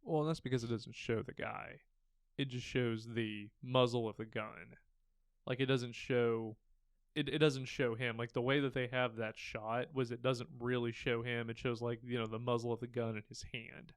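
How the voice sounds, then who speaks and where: Young male podcast co-host, smooth clean tone, dry close mic, loose chatty delivery. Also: medium pitch, moderate pace, no echo. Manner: relaxed, rambling retelling with fillers. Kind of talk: casual chat.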